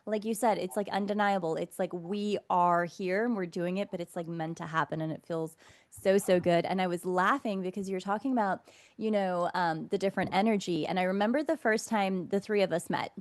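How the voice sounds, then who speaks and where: A woman's voice: on the low side, fairly even intonation, brisk. Bubbly woman interview host. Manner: bubbly, enthusiastic, affirming. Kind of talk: casual interview chat.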